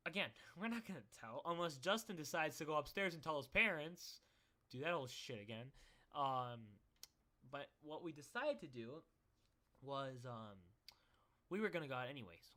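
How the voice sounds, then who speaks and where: A young man telling a rambling personal story in a casual, animated way, with many fillers and frequent laughs. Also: a little high. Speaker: vlogger.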